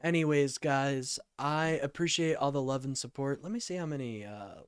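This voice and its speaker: A man's voice: mid-range voice, normal speed, hardly any pauses, clean tone, no room sound, studio quality. A sleepy, yawning man hosting a casual call-in livestream, rambling and apologizing as he talks to chat.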